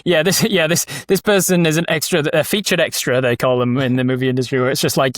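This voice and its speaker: A man's voice: on the high side, no room sound, studio quality. A man, a guest dungeon master, talking casually and with animation about doing character voices, often restarting his phrases. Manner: animated, quick and self-correcting. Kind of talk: casual conversation.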